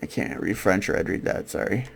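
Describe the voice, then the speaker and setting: A man hosting a game playthrough, making quiet, low-key remarks between read lines. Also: expressive, a little fast, vocal fry, a little hiss or hum. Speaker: gaming channel host. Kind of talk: playthrough commentary.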